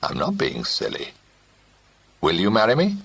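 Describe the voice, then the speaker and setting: A man reading an audiobook, voicing a blunt young gentleman who persists in courting. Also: lowish voice, huge pitch swings, moderate pace, creaky, husky, no room sound, pitched above the performer's own voice, exaggerated voice. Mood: teasing. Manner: blunt, straight to the point.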